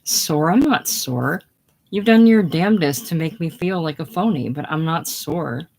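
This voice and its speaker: A reader voicing a boastful, defensive young male war buddy in a casual play reading, slow and blustery. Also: medium pitch, lively intonation, creaky, darkish tone. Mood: blustering.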